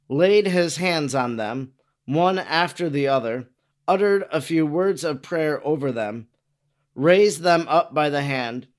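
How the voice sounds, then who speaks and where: A man narrating a religious text in a measured, formal reading. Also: on the high side.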